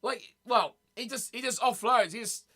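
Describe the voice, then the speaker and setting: A man's voice: extremely high pitch, moderate pace, pushed and bright. A man hosting a casual live stream, chatting loosely and answering his viewers as he talks, often repeating words. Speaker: streamer reading live chat.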